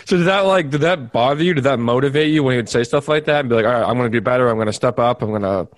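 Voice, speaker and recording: A man's voice: medium pitch, very fast. A man hosting a talk show, asking questions in a conversational way. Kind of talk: casual chat, asking questions.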